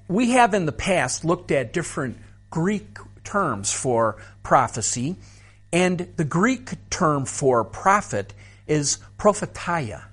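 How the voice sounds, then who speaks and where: A man teaching a seminary course on spiritual gifts, explaining terms patiently in a slow, measured way. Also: high voice. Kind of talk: Bible teaching lecture.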